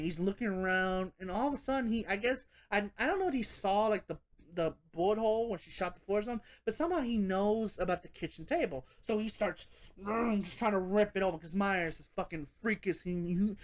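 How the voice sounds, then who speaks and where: A woman's voice: medium pitch, brisk. A woman talking through a horror movie review in a loose, casual way. She rambles and restarts, laughs often and swears freely as she picks apart the film.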